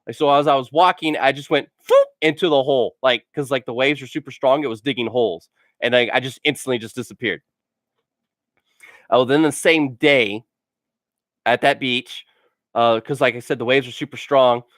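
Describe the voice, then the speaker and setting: A man's voice: mid-range voice, moderate pace, a bit bright, no echo, clean studio sound. A man telling funny stories for a casual vlog. He rambles and fills his sentences with "like", and laughs at his own stories. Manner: rambling, full of "like" fillers. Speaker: gaming channel host.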